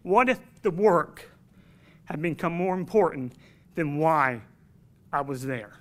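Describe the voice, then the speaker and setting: A man's voice: fairly high pitch, expressive, slow pace, a bit bright. A man preaching a sermon to his congregation in an earnest, emphatic way, telling a personal story.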